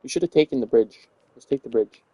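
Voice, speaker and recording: Touring a Minecraft build, a young man rambles playfully and keeps correcting himself in casual gameplay commentary. His mid-range voice is fast and slightly rough, and the home recording is dull and dry with no room sound.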